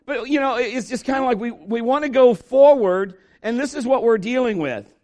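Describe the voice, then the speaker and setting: High-voiced man preaching with lively storytelling. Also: moderate pace. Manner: animated storytelling, acting out quoted voices. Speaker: pastor. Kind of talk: sermon.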